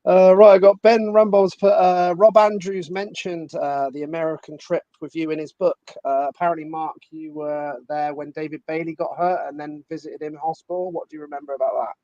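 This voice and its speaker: A man's voice: a little high, little pitch movement, fairly quick, few pauses, warm tone, dry recording. A man hosting a live online interview, giving brief reactions and asking casual questions. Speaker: host. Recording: dull lo-fi audio.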